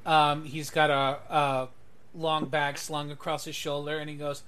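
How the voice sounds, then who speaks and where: A man's voice: a little high, little pitch movement, measured pace, fairly bright tone, a little hiss or hum. A man narrating a tabletop game as game master in a loose, hesitant way. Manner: loose, lots of ums and uhs.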